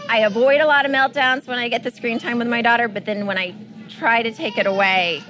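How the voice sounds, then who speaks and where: A woman interviewer with a fairly high voice. She asks her guest friendly questions and mixes in her own relatable stories about parenting. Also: fairly even intonation, brisk, a bit bright. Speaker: co-host interviewer.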